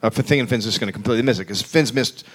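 A man's voice: on the low side, very fast, slightly rough. A man co-hosting a live comedy podcast, telling a profane story and acting out the people in it. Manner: animated, profane storytelling with acted-out voices. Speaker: podcast co-host. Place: live stage before an audience.

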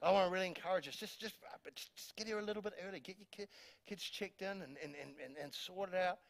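Male pastor, New Zealand accent, high pitch, emphatic preaching, repetitive phrasing. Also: fast talker, vocal fry. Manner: emphatic, repeats words, reads scripture aloud, jokes with congregation. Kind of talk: sermon. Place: church hall.

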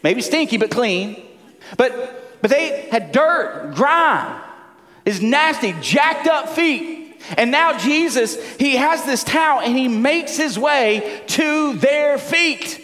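A man in his forties with a Southern US accent, preaching a sermon as a pastor, animated and joking, often repeating words as he goes. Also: extremely high pitch, slow pace. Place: church sanctuary. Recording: long hall reverb.

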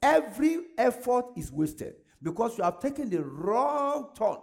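A man's voice: extremely high pitch, sing-song, a little slow, gravelly. A male pastor leading his congregation in fervent prayer, calling out prayer points for them to repeat and breaking into speaking in tongues.

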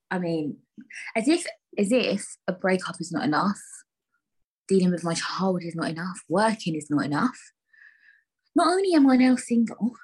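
A woman's voice: fairly low pitch, breathy edge. A young woman hosting a podcast alone, talking candidly and bluntly with lots of swearing. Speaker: podcast host. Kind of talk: casual solo podcast chat.

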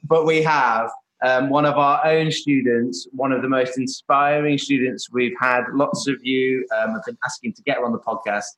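A man's voice: medium pitch, steady tone, moderate pace, a bit bright, rough recording. Male podcast host, casual and playful, everyday mid voice. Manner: jokey, laughs often, many um fillers.

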